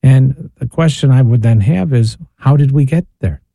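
Man, priest guest, mid-pitched, very mellow tone, dry studio, earnest rhetorical questions. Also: moderate pace, vocal fry, dry recording. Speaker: priest and spiritual director guest. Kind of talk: radio talk reflection. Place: radio studio.

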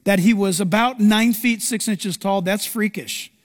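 In a large hall, a pastor with a high voice delivers his sermon a little slowly. His storytelling is lively and theatrical, and he performs each quote as he goes.

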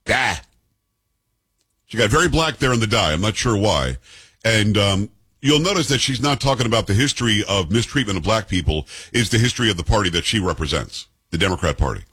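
A combative man in his fifties delivers political commentary, peppering his points with sarcastic rhetorical questions. His pitch swings widely and his voice has a husky grain. The recording is close and dry, with no room sound. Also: expressive, fast talker, a bit bright, no room sound. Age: 50s. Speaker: commentary show host.

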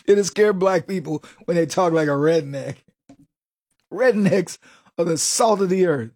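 A man hosting a radio talk show, giving an emphatic, sarcastic political monologue and laughing at his own jokes. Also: fairly high pitch.

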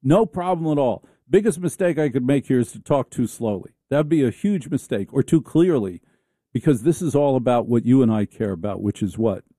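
A man's voice: mid-range voice, expressive, brisk, warm tone, no echo, studio quality. A man hosting a talk radio show, riffing in a sarcastic, theatrical comic monologue.

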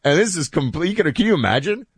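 A man hosting a talk show, chatting in a loose, animated monologue with asides that trail off quietly. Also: a little high, fast, husky, dry recording. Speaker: host.

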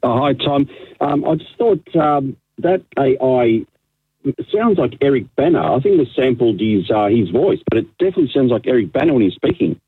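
A man's voice: mid-range voice, lively intonation, normal speed, husky, dry recording. Male caller on a tinny line. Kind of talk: talkback call. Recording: tinny radio phone line.

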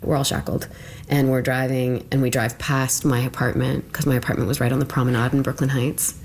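Low-voiced woman telling her story. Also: little pitch movement, a little mellow, slight background noise. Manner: halting, lots of "like", quoting others in small voices. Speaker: interviewee recounting her arrest. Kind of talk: personal storytelling in interview.

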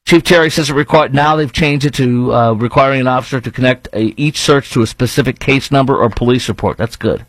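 Opinionated radio host with a Chicago accent. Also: male voice, mid-range voice, no echo, low-quality recording. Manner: opinionated, rambling, argues with imagined callers. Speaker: radio talk show host. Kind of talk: talk radio monologue.

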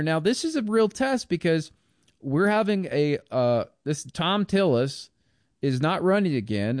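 A man's voice: on the high side, darkish tone, dry recording, clean studio sound. A man giving a blunt, scornful, rambling political commentary monologue.

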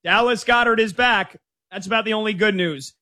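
A man's voice: high-pitched, fairly quick, pushed and bright. A man hosting a sports radio show, taking calls and previewing games in an upbeat, casual way. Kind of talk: energetic sports radio talk.

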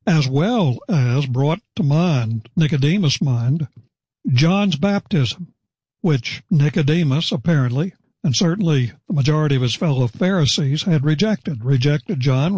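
A man giving a measured, deliberate expository Bible teaching, reading verses and explaining them. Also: on the high side, lively intonation, darkish tone, slightly rough, dry recording.

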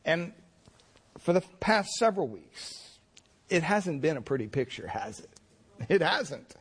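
A man's voice: a little high, big pitch swings, measured pace, husky. A male pastor preaching a sermon, telling stories in a folksy, rambling way. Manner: folksy storytelling with fillers.

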